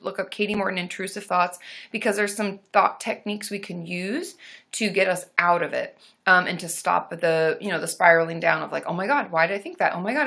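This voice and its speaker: A young woman therapist answering viewer questions on a casual live stream, chatty and warm, with sudden loud whooping between answers. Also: medium pitch. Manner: chatty, reads viewer comments aloud, bursts into loud monkey whoops.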